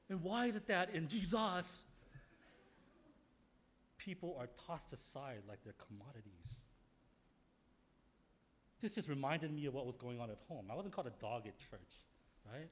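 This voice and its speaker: Male pastor giving a sermon, slightly raised pitch, very lively delivery, frank personal storytelling with sudden loud bursts. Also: moderate pace, pauses often.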